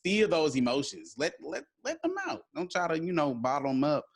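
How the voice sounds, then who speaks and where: A man co-hosting a mental health podcast, talking gently and encouragingly with many fillers. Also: a little high, big pitch swings, normal speed, no echo. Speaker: podcast co-host. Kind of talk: casual interview chat.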